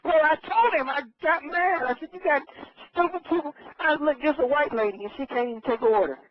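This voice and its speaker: High-voiced rambling man on radio. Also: quick pace, slight background noise. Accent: Los Angeles. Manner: rambling, loses his train of thought. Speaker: regular caller. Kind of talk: rambling comic phone-in story. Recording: dull radio broadcast audio.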